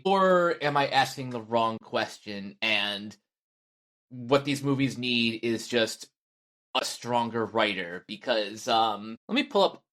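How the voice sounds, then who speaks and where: A man's voice: on the low side, a bit bright. A man co-hosting a casual pop culture podcast, wry and a little rambling. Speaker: podcast co-host.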